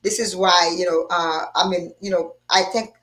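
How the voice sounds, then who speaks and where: A woman's voice: fairly low pitch, normal speed. A woman hosting a casual live chat, talking freely with frequent restarts and bursts of laughter. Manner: animated, laughing, many restarts. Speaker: show host.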